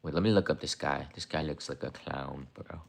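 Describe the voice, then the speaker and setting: A man's voice: extremely low pitch, fairly quick, vocal fry. A young man hosting a casual livestream, rambling and repeating himself as he talks to chat, sometimes mocking viewers. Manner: mocking, confrontational toward viewers. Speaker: livestream host.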